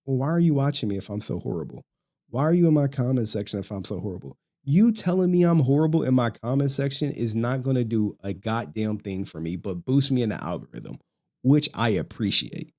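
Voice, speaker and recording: Young man, livestream rant, profane, mocking, laughing, lively swinging pitch. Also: fairly quick. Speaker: streamer.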